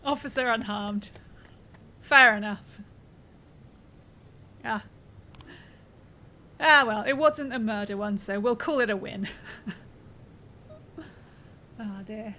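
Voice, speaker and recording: A woman's voice: medium pitch, steady tone, takes it slowly, long pauses, pushed and bright, slight background noise, poor audio. A woman streaming a game, reading its text aloud and chatting casually, swearing and laughing as she plays. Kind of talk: casual gameplay commentary.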